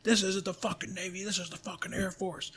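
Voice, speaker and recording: A man doing a harsh military drill instructor who barks profane taunts at new recruits. The voice jumps far higher than his usual talk and strains as it yells. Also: steady tone, brisk, husky, full character voice. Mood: berating.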